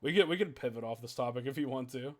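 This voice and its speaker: A man's voice: medium pitch, fast. A man hosting a casual podcast chat, talking in a heated, profane rant. He piles up "like" fillers as he goes. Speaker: podcast host.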